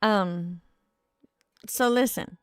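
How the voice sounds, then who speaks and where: A woman's voice: medium pitch, drawn-out words, clean tone, no echo, soft background music. Tired woman streaming a game. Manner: chatty, talks to chat and to herself while playing. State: tired with a headache. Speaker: let's play streamer. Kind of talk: casual gameplay commentary.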